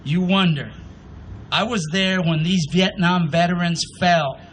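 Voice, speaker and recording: A man giving voice to a patient, loving male God speaking to mourners in a measured recitation at an outdoor memorial. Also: high voice, a bit bright, slight background noise, pitched above the performer's own voice, rough recording. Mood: tender.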